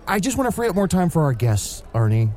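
A man's voice: sits high, big pitch swings, quick pace, darkish tone. A man playing an upbeat, playfully bossy male co-host on an improvised comedy podcast. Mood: explaining.

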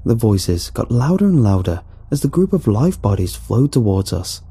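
A man narrating a first-person horror story in an expressive, animated way. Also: mid-range voice, moderate pace, hardly any pauses, slightly rough.

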